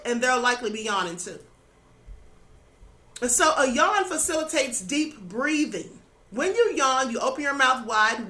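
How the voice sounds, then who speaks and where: Woman, high voice, bright tone, spiritual teaching talk, earnest, slightly worn voice. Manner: earnest, instructive, adds "okay?" and "you know". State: slightly losing her voice. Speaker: spiritual channel host.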